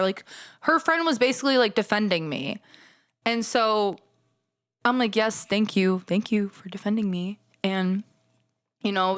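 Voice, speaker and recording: A young adult woman hosting a podcast, casually telling a story about working as a bartender, animated and swearing as she acts out both sides of the exchange. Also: medium pitch, no echo, clean studio sound. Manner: animated, acts out customers and herself in quoted dialogue, swears. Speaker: podcast host.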